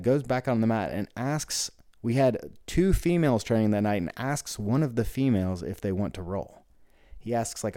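A man with a fairly low, warm, relaxed voice tells a story from his gym in a loose, rambling way. He leans on "like" constantly and slips into quoting what everyone said. The recording is dry, with no room sound. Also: no room sound. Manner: rambling, frequent "like" fillers, acts out quoted dialogue. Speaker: gym owner and coach. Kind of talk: casual storytelling monologue.

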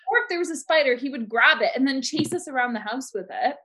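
A woman's voice: sits high, lively intonation, quick pace, bright, forceful tone. A young woman co-hosting a podcast, chatting casually and rambling with lots of "like". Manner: rambling, heavy use of "like". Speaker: podcast co-host. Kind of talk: casual chat.

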